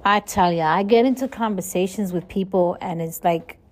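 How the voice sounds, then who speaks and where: A woman's voice: on the low side, normal speed, faint music behind. A woman hosting a solo podcast, talking in a chatty, earnest way and often restarting and repeating her words. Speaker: podcast host. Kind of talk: casual solo podcast monologue.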